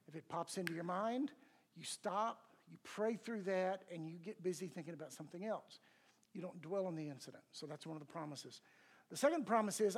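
An older male pastor with a rather high, husky voice teaches a church class. He talks in a relaxed, conversational way and keeps turning to the audience with questions.

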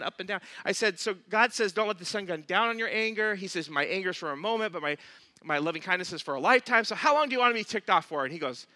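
Male pastor, high and very bright voice, animated storytelling sermon, dry close sound. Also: no room sound. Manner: animated storyteller, acts out quotes, laughs at himself.

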